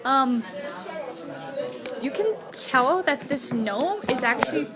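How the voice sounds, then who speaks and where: High-voiced woman running a tabletop game. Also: expressive, takes it slowly. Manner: casual, filler-heavy. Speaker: game master. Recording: noisy room with crowd chatter.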